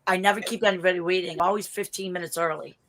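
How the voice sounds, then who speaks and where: Boston lady on a video call, bright punchy voice, animated, swears a lot. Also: lowish voice, fast talker, poor audio. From Boston area, US. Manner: animated storyteller, blunt and profane, laughs often. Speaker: interview guest. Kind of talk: casual chat.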